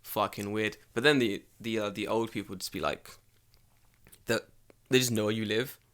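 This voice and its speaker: A young man with a London accent, co-hosting a podcast and telling comic stories in a lively, profane, casual way. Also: fairly low pitch, normal speed. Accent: London English. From England. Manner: animated, profane, comic storytelling. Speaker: podcast co-host. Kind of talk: casual storytelling chat.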